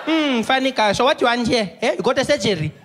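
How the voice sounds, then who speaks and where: A man voicing a brusque, gloating middle-aged woman hospital receptionist, talking slow and mocking and ending lines with "eh?". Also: very high-pitched, animated, a little hiss or hum, pitched above the performer's own voice. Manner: mocking, drawn-out, ends lines with "eh?". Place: theatre stage. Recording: live theatre with loud audience.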